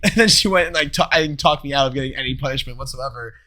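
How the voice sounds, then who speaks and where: A young man co-hosting a podcast, telling school stories in a casual, animated way and slipping into silly voices. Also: fairly high pitch, very fast, hardly any pauses. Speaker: podcast co-host. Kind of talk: casual chat.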